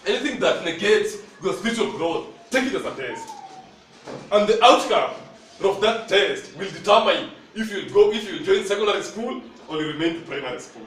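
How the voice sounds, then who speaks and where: Here a high, fairly bright male voice preaches in a Kenyan accent, slipping between English and Swahili while prompting the congregation to respond. It was recorded from afar in a reverberant church hall, and a faint hiss or hum runs underneath.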